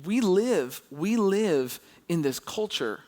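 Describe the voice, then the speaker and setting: Man preaching, animated storyteller, slightly higher voice, lively. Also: slow pace. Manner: animated storytelling, rising high and loud when excited. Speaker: pastor. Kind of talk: sermon.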